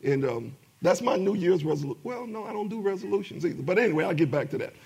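A man's voice: high-pitched, expressive, fast talker, vocal fry, a little mellow, slightly rough. A middle-aged man preaching a sermon as pastor, with emphatic rising bursts and many repetitions.

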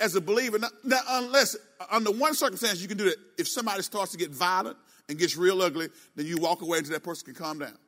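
Middle-aged male pastor, bright and forceful delivery, preaching in a church sanctuary with long reverb. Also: sits high. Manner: preachy, emphatic, call-and-response asides. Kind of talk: sermon.

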